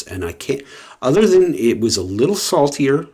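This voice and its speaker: A man's voice: medium pitch, very animated, moderate pace, darkish tone, breathy edge. A man chatting casually to the camera in a rambling way, full of fillers and restarts. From West Coast of the US. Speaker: vlogger.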